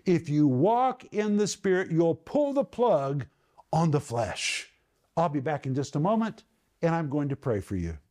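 A man's voice: a little high, sing-song, unhurried, mellow. A man giving a televised Bible teaching in an earnest, emphatic way, often asking rhetorical questions.

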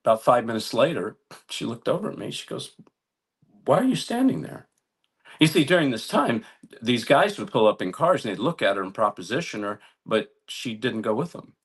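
A man preaching a sermon, telling a story earnestly with halting restarts and building to emphatic appeals. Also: mid-range voice, expressive, husky.

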